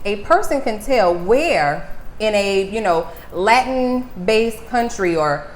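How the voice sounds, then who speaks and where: A woman speech-language pathologist, a guest explaining things in a lively casual chat. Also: medium pitch, slow pace. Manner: animated, explanatory, laughs easily. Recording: echoey room, faint noise.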